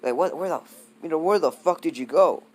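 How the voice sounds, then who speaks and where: A man's voice: fairly high pitch, brisk, voice pushed up, lightly acted. A man voicing a cocky, all-powerful young male hero who speaks smugly and teasingly. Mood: cheeky. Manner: smug, teasing.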